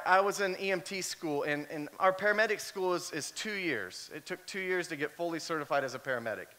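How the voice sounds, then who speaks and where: A man preaching a sermon, telling personal stories with animation and often doubling his words as he goes. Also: high-pitched. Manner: animated storyteller who often repeats words. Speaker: pastor.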